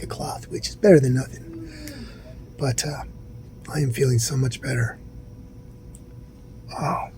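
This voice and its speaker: A middle-aged man filming a casual update from his hospital room while ill, sighing often and sometimes dropping to a whisper. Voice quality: soft, drifting into whispers. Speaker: vlogger. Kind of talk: casual self-filmed update. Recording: steady rumbling background noise. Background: low rumble.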